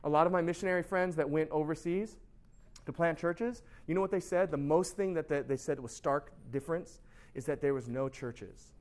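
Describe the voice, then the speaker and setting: A man giving a casual, animated sermon as a pastor, often asking "right?" and laughing at himself. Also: a little high, normal speed. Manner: chatty, animated, constant rhetorical "right?"; laughs at himself, shouts for emphasis.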